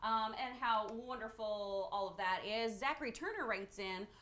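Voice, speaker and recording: A woman's voice: medium pitch, normal speed, fairly bright tone, reverberant, slight background noise. A young woman co-hosting a live show from a studio, upbeat and bubbly. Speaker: co-host. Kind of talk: casual live-stream chat.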